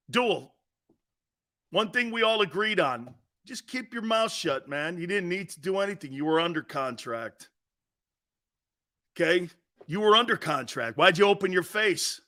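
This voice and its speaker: A man's voice: high voice, lively intonation, unhurried, pauses often, pushed and bright. A man hosting a sports talk show, blunt and brash, trash-talking callers and hammering his points home with a repeated "Okay?".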